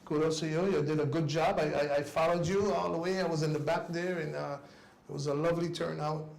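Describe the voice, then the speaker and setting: A man with a gravelly voice that sits a little high gives a heartfelt tribute on a talk show. He is earnest and halting, and his phrases often sink and trail off. The room is echoey, with faint noise underneath. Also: fairly even intonation, a little mellow. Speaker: guest on a cycling talk show. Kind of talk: casual spoken tribute.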